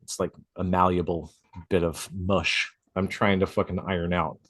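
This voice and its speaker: Lower-voiced guy on a podcast, talks a lot, swears and laughs, dry mic. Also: little pitch movement, normal speed, a bit bright, slightly rough, dry recording. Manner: chatty, swears freely, laughs often. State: coughing from a drink gone down the wrong pipe. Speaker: podcast co-host and tattoo artist. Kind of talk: casual chat. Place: home studio, outside noise nearby.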